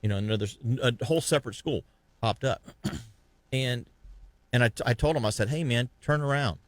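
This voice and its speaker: A man hosting a fishing podcast, telling a lively fishing story in casual chat and acting out the other anglers' lines. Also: mid-range voice, fairly quick, no echo. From Florida.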